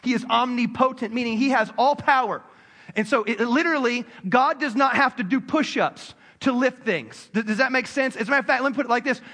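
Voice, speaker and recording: A man's voice: very high voice, brisk, pushed and bright. A man preaching a sermon as a pastor, talking to his congregation in a loose, conversational way full of repeats and asides. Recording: long hall reverb.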